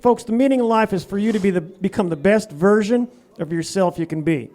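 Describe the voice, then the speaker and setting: A man's voice: brisk, a little mellow. A man voicing an ignorant, folksy Southern male politician with a put-on US Southern accent, giving life advice in a preachy way. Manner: preachy, folksy, voice raised high. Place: radio studio.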